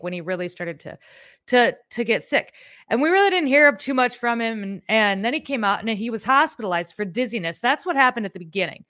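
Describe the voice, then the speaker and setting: A woman's voice: mid-range voice, bright, forceful tone, dry recording, studio quality. A woman hosting her own live show, chatting casually to her viewers in a sassy, talkative way with profane asides. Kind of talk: casual live-stream chat.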